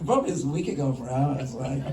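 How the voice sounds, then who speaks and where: Animated Australian man telling stage stories. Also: medium pitch, fast talker, background noise. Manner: animated, self-interrupting storyteller. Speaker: film director, festival jury president. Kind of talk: onstage conversation, anecdotal storytelling. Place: festival stage before an audience. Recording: echoey hall, distant mic.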